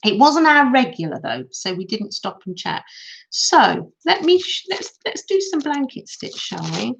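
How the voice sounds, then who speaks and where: A woman's voice: high-pitched, very animated, unhurried, gravelly, slight background noise. A middle-aged woman chatting to viewers as she hosts a crafting live stream, giggling often. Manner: chatty, giggly, talks to viewers while working. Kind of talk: casual crafting tutorial chat. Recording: dull lo-fi sound.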